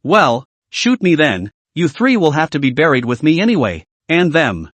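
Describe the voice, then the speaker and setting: A man's voice: a little high, big pitch swings, normal speed, fairly bright tone, no room sound. A man voicing a smug, cruel male gang boss who taunts and mocks. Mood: sneering. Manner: taunting, mocking.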